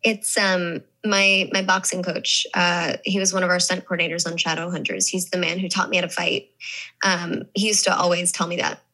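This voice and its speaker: A woman's voice: lowish voice, level tone, moderate pace, bright, forceful tone, rough recording. A young woman from the American South, an actress talking casually and reflectively in an interview. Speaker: actress guest.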